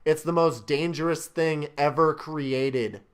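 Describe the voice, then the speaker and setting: A man's voice: fairly high pitch, takes it slowly. A young man hosting a casual film review chat, ranting with exasperated anger and plenty of swearing. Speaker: channel host reviewing a film.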